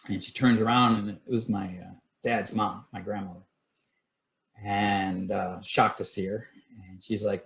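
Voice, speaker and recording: Middle-aged guy telling ghost stories live, lots of uhs, kinda low voice. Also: flat delivery, unhurried. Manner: rambling, with many fillers and restarts. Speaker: paranormal investigator sharing stories. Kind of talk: casual storytelling on a live stream.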